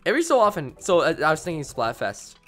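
A young man chats his way through a game stream, drifting between tangents and answering his viewers. His voice sits a little high and swings widely in pitch. Faint game music plays underneath. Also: big pitch swings, quick pace, a bit bright. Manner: rambling, playful, reads chat aloud. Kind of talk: casual gameplay commentary.

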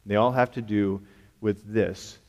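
A man's voice: lowish voice, steady tone, unhurried, a little mellow. A man preaching a sermon as a pastor, emphatic and conversational, often asking the congregation rhetorical questions. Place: church sanctuary. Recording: long hall reverb.

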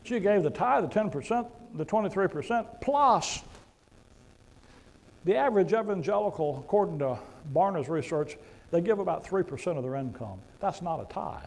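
Gravelly-voiced man preaching emphatically. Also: high voice, lively intonation, normal speed, poor audio. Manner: emphatic, conversational preaching with sudden loud punches. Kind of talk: sermon. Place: church before a congregation.

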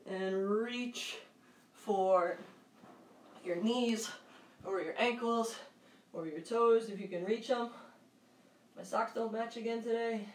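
A woman with a fairly high voice leads children through an exercise session, encouraging them and calling out counts, with loud bursts now and then. She stands back from the microphone in a roomy space at home, so her voice echoes. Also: takes it slowly, long pauses, recorded from a distance. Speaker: fitness coach for kids. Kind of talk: leading a live kids' workout. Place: room at home. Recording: echoey room, voice off-mic.

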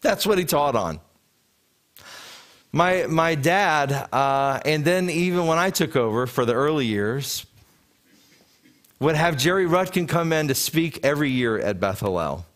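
Male rabbi, 30s, animated storytelling sermon with frequent restarts. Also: a little high, unhurried. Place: congregation sanctuary.

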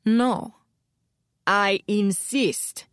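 A woman's voice: on the low side, very animated, measured pace, a little mellow, dry recording, clean studio sound. A woman doing a cool, hard-edged man. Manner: cool, firm. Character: cool, hard-edged male soccer star.

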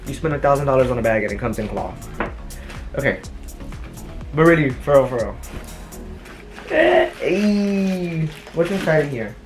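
Faint music backs a young adult vlogger who shows off a haul at home in a casual chat. The mid-range voice rambles and tells stories in an animated way.

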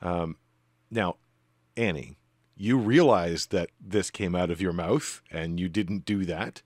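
A man's voice: low-pitched, takes it slowly, darkish tone, no room sound, studio quality. A man narrating as game master in a tabletop game, rambling a little with frequent ums. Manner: rambling, with many ums and restarts.

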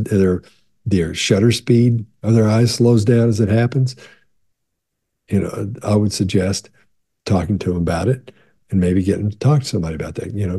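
A man in his sixties with a very dark, mellow voice and a slightly husky edge answers viewer questions. He talks in a relaxed, reassuring way, restarting his sentences as he goes. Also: fairly low pitch. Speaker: body language expert answering viewer questions. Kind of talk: casual Q&A, reading viewer questions aloud.

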